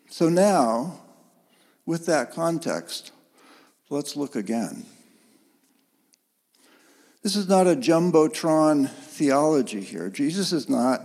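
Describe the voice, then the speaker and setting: A man preaching a sermon in an earnest, gently emphatic way, heard in a church sanctuary. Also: a little high, slightly rough, long reverb tail. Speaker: pastor.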